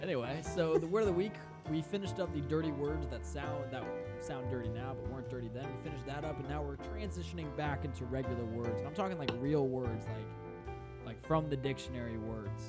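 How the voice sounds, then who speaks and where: A man's voice: mid-range voice, a little fast, over loud music. Crude rambling man hosting a podcast. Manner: rambling, crude, laughs often. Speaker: podcast host. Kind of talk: casual comedy banter.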